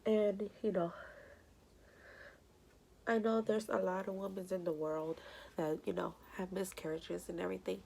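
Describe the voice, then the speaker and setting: A young woman talks casually while doing her makeup, rambling from one thought to the next with plenty of fillers. Her voice is strongly gravelly, full of fry, and her pitch sits in a middle register. There is a faint hiss of noise behind her. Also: flat delivery, a little slow, pauses often, a little mellow. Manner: rambling, many "you know" fillers; emotional, tearful at times. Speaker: vlogger.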